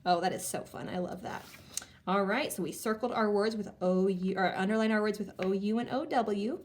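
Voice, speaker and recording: A woman teacher leading a reading lesson for young children, sounding out words slowly and reacting with animated excitement. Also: medium pitch, a little hiss or hum. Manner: animated, exaggerated excitement with gasps and slow sounding-out.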